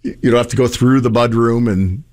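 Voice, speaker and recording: A man hosting a morning radio show, chatting easily, laughing along and reading contest details briskly. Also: medium pitch, fairly even intonation, a little mellow. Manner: easygoing, laughs along, brisk announcer reads. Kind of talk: casual radio banter and promo reads.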